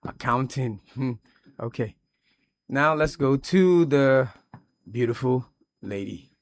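Slow, emphatic male radio host. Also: mid-range voice, expressive. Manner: measured, emphatic, addresses guests directly. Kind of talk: slow, deliberate radio talk show hosting. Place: radio studio.

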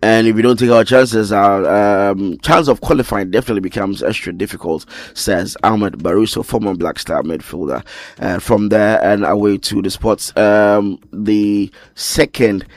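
A man's voice: on the low side, moderate pace, no room sound. A man hosting a sports show, reading news items with frequent slips and restarts. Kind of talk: radio sports news and banter.

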